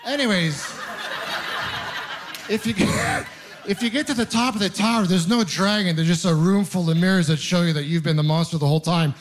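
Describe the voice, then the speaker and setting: Young male stand-up, somewhat high voice, rambling self-mocking storyteller, live club set. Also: brisk, a little hiss or hum. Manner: rambling, self-deprecating storytelling with animated asides. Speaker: stand-up comedian. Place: comedy club stage with live audience.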